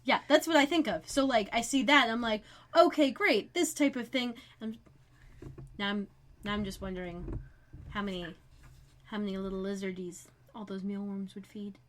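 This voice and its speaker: A woman co-hosting a podcast, narrating a TV episode in a relaxed, easygoing way. Her voice is mid-pitched and conversational. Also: moderate pace, pauses often. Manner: relaxed storytelling, narrates plot beats. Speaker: podcast co-host. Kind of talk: casual recap chat.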